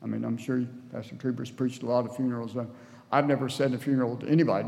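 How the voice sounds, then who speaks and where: A man's voice: mid-range voice, fairly quick, creaky, darkish tone. Earnest male preacher, sermon delivery, church hall echo. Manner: earnest, acts out voices in the story. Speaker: guest preacher. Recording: long church hall reverb.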